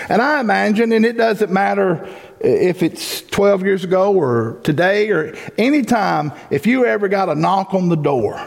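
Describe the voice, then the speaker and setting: A man's voice: fairly high pitch, vocal fry. A man preaching a folksy sermon as pastor, building to emphatic peaks. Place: church sanctuary. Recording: long hall reverb.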